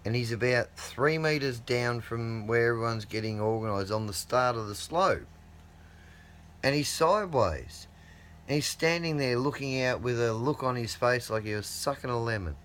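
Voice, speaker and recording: A man's voice: mid-range voice, moderate pace, a bit bright, a little hiss or hum. A middle-aged man, telling a rambling, profane anecdote in a casual way. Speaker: storyteller.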